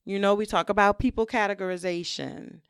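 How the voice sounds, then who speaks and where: A woman hosting a solo podcast, talking candidly and reflectively in a relaxed conversational way, often saying "you know". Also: mid-range voice, brisk, smooth, no echo, studio quality. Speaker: podcast host.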